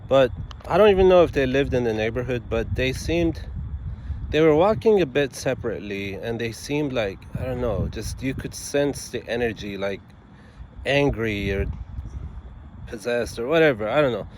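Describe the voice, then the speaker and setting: A man in the middle of an animated, rambling story, often restarting his sentences and adding asides as he goes. His pitch sits at an ordinary middle level. Faint traffic noise carries in from the street behind him. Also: normal speed. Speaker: attorney and vlogger telling a story. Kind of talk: casual storytelling to camera.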